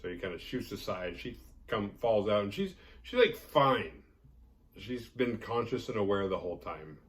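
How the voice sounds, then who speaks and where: A man with a fairly low voice retells a horror film's plot, sounding a little distant from the microphone. He rambles casually, leaning on "like" and throwing in jokes and swear words. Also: lively intonation, normal speed, a bit bright. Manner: rambling, heavy filler "like", profane and jokey. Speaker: horror movie podcast host. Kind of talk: casual movie recap.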